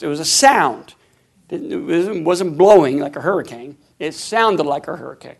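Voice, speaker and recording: A man preaching a sermon to a congregation. He calls out to the crowd for responses and breaks into loud, drawn-out bursts. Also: sits high, animated, gravelly. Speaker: pastor.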